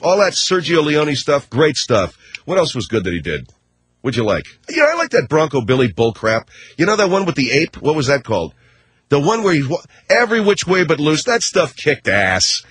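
A man's voice: a little high, a bit bright, husky, dry recording. A man ranting on talk radio in a combative, sarcastic, mocking way. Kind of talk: radio rant.

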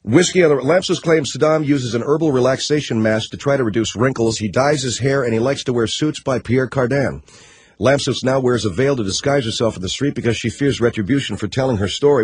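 A man's voice: mid-range voice, breathy edge. A man hosting a talk radio show, riffing sarcastically and mockingly on news stories.

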